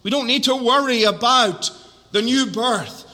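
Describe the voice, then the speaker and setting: Male preacher, high, piercingly bright voice, deliberate emphatic sermon delivery, echoing church hall. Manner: measured, emphatic repetitions, drawn-out key words. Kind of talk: evening sermon. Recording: long hall reverb.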